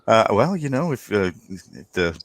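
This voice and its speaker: A man's voice: fairly low pitch, very animated, a little slow, no echo. A man acting as game master who introduces players and narrates the scene in a loose, laughing way. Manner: loose, laughing, lots of fillers.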